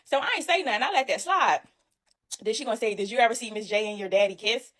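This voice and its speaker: A woman telling a story about herself in a casual, animated, indignant way, speaking straight to her listeners. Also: on the high side, fast talker. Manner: animated, indignant, addresses listeners as y'all and honey. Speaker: storyteller recounting her own experience.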